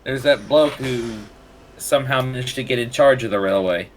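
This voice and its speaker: A man's voice: medium pitch, normal speed. A man co-hosting a live stream, trading teasing, dry banter with the host. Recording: noisy background.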